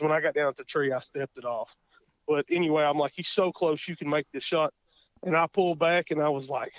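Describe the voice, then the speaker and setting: A man with an Oklahoma accent, a guest telling a hunting story in a casual interview, folksy and animated, acting out his own thoughts. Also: fairly high pitch, no echo. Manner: folksy, animated, lots of quoted self-talk. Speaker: guest hunter. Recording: muffled dry podcast audio.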